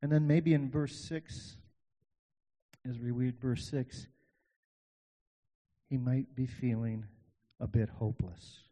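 A male pastor preaching a sermon, driving points home with repetition, swinging between loud and hushed, with folksy asides to the congregation. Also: medium pitch, steady tone, slow pace, long pauses, big-room sound.

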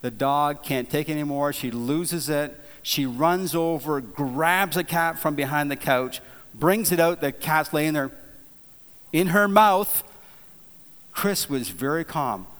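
A man preaching a sermon, telling a folksy story in a relaxed, conversational way, with frequent restarts and repeated words. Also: on the high side, takes it slowly. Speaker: pastor. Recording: long hall reverb.

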